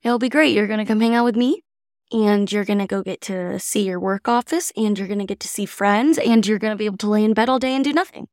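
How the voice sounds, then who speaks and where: A woman's voice: medium pitch, quick pace, a little mellow, dry recording, clean studio sound. A young adult woman co-hosting a podcast, chatting casually with bubbly enthusiasm. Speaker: podcast co-host.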